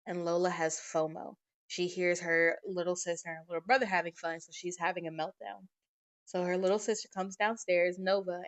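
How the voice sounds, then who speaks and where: A woman hosting a podcast, telling family stories in a casual, animated way and swearing freely. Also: fairly low pitch, fairly quick, muffled recording. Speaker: podcast host. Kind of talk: casual storytelling monologue. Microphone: podcast microphone.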